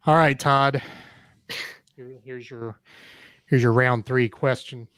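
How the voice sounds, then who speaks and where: A man's voice: medium pitch, steady tone, takes it slowly, a bit bright, clear, resonant tone, no room sound. A man hosting a podcast quiz game, easygoing, reading out questions and laughing along.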